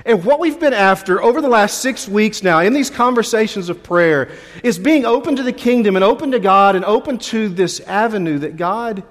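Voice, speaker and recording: A man's voice: sits high, animated, normal speed. A man preaching as a pastor, telling a chatty, self-deprecating story with frequent restarts before turning to the sermon. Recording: long reverb of a large hall.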